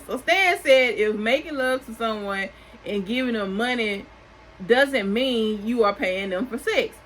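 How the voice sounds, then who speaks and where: A woman's voice: a little high, fairly bright tone, a little hiss or hum, rough recording. Chatty woman recapping reality TV, sassy. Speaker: recap host.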